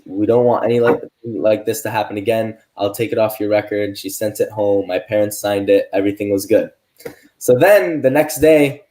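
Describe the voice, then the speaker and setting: A young man in his teens, a podcast co-host, telling a long story in a casual, animated way, acting out the people he quotes. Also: lowish voice.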